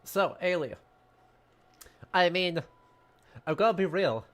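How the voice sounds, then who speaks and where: A chatty man hosting a game stream, rambling and poking fun at himself as he plays. His voice sits slightly high. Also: expressive, takes it slowly, a bit bright. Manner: chatty, self-deprecating, rambling. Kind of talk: casual let's-play chat.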